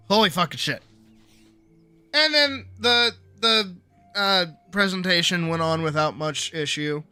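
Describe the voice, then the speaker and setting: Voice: medium pitch, normal speed, pushed and bright, clean tone, no echo, faint music behind. A young adult streamer telling a work story in casual chat, swearing freely and acting out quoted voices.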